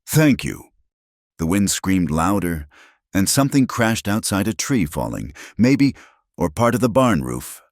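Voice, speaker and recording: A man narrating a scripted story in a slow, measured, hushed way. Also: deep voice, very animated, no echo, studio quality.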